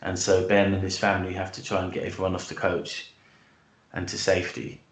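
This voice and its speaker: A man's voice: sits low, completely flat delivery, fairly quick, roomy sound. A British man, a guest author, telling his story in a hesitant, enthusiastic way with many restarts. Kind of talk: casual interview chat and storytelling.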